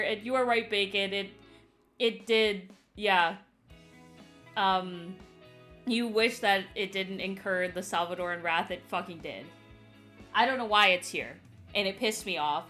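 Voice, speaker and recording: Bright, laughing young woman streamer. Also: medium pitch, measured pace, faint music behind. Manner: animated, profane storytelling with frequent laughter. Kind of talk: casual live-stream chat.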